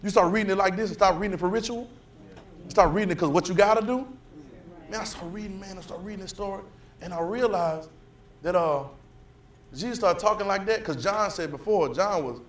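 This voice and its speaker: A man preaching a sermon, talking casually to the congregation, repeating himself and building to loud fervor. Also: sits high, a little fast, roomy sound. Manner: casual, repetitive restarts.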